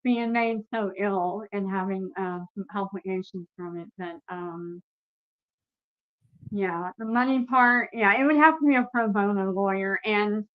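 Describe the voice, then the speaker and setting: A woman's voice: medium pitch, a little slow, muffled recording. A woman guest giving personal testimony in an interview, earnest and emphatic, speaking straight to the viewers.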